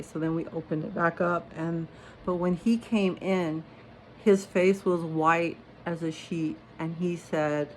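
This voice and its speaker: A woman's voice: on the low side, a little hiss or hum. A young woman who is not a native English speaker, casually telling personal stories and rambling with lots of fillers. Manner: rambling, many fillers and "you know". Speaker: storyteller.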